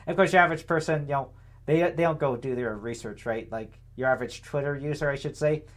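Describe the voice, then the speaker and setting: A man's voice: medium pitch, fast talker. A young man giving a casual political commentary monologue, rambling and indignant, full of fillers and tag questions. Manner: sarcastic, indignant.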